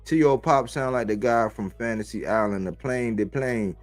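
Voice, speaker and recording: A man's voice: mid-range voice, moderate pace, hardly any pauses, soft background music. A man hosting a boxing livestream, talking in a casual, profane way full of street slang. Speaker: boxing podcast host.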